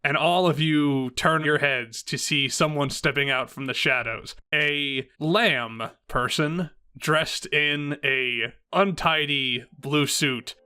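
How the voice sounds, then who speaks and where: A man's voice: medium pitch, pushed and bright. A man narrating a tabletop game as game master in a playful way. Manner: playful, laughs often.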